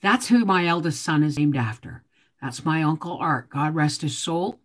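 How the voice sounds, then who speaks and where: A middle-aged homestead vlogger rambles casually to herself and her viewers while digging through old photos, speaking at a normal speed and breaking into sudden loud, high exclamations.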